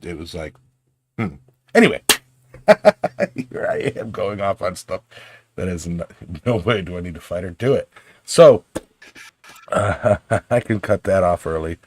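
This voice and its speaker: A man's voice: low-pitched, normal speed, pauses often, a little hiss or hum. A man co-hosting a casual podcast, rambling and joking as he talks, with plenty of restarts and fillers. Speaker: podcast co-host.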